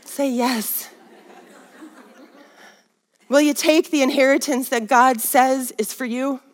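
A woman with a high voice teaching a Bible lesson in sermon style. She rouses her listeners and calls for their response. Her voice rings with long reverb, as in a large hall. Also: fairly even intonation, slow pace. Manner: rousing, calls for audience response. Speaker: women's Bible study teacher. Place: Minnesota.

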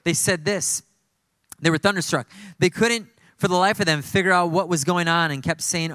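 A male pastor delivers an emphatic, fervent sermon, often circling back to repeat his key phrases. His voice sits a little high for a man, and the sound is close and dry with no room echo. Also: moderate pace, bright, forceful tone.

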